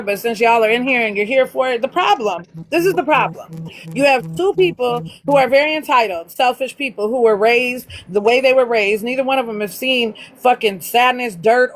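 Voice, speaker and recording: A woman's voice: a little high, a little fast, few pauses, low-quality recording. A woman hosting a casual livestream, ranting bluntly with heavy profanity. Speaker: livestream host.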